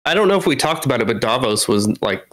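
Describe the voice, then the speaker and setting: A man's voice: medium pitch, very animated, quick pace, fairly bright tone, poor audio. A young man co-hosting a podcast, chatting casually and rambling until he loses his train of thought. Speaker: podcast co-host. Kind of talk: casual chat.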